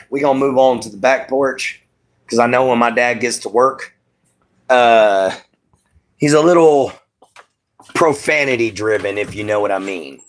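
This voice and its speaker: A man's voice: medium pitch, low-quality recording. A man hosting a casual home live stream, drawling and easygoing as he answers chat by name. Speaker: livestream host. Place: at home, moving to back porch.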